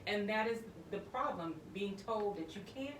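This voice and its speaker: A woman's voice: mid-range voice, animated, moderate pace. A woman speaking emphatically in a casual group chat, repeating her points firmly. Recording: roomy, distant mic with noticeable noise.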